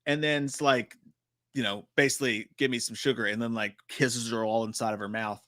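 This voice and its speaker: A man hosting a live stream, chatting casually and profanely about horror trailers with a joking, animated manner. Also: mid-range voice, normal speed, no room sound, studio quality.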